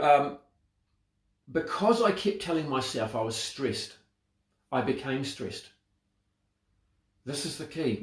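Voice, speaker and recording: A man's voice: lowish voice, reverberant. A man giving a motivational talk on self-talk, reflective and full of rhetorical questions. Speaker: speaker on mental wellbeing.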